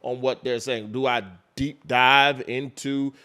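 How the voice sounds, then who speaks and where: A man, a record label executive, talking in a casual interview, animated and restarting his phrases often. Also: mid-range voice, slow pace, clear, resonant tone.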